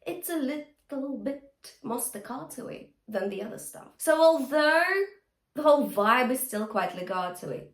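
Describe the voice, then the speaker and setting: A woman's voice: on the high side, animated, normal speed, roomy sound. A woman vocal coach teaching singing, talking the listener through exercises and singing short demonstration lines, often checking in with the listener. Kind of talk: singing lesson with sung demonstrations.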